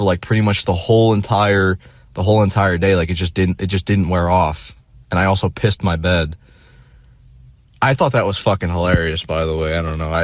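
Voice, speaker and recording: A man's voice: low voice, no echo. A young man telling a rambling, self-deprecating story in a casual vlog monologue, full of fillers and restarts.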